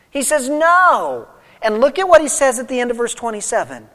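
A man delivers a sermon in a church sanctuary. His voice sits high for a man, and his emphatic peaks ring out into a long hall reverb. He reads scripture aloud and then works through it with rising intensity. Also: animated, moderate pace, sharp tone. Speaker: pastor.

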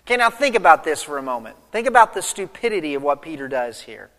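A man's voice: on the high side, sing-song, fast, fairly bright tone, big-room sound. A man preaching an expository sermon, retelling the story vividly and putting rhetorical questions to his listeners. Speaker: pastor.

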